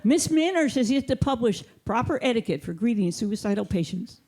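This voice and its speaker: A woman performing a stand-up comedy set on a theater stage, delivering her jokes with a deadpan, mock-authoritative manner into a handheld mic. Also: on the high side, fairly quick, slightly rough.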